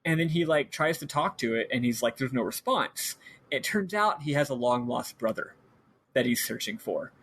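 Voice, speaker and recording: A male podcast host in casual chat, telling a story animatedly and swearing freely as he goes. His voice sits in an ordinary middle pitch, and he slips quick paraphrased voices of the characters into his telling. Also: lively intonation, fairly bright tone, slight background noise. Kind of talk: casual chat recapping a video game.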